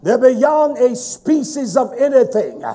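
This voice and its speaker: Man, preacher, sermon, fervent emphatic delivery, mellow dark tone, widely swinging pitch. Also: animated, slow pace. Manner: fervent, emphatic preaching with sudden shouted stresses.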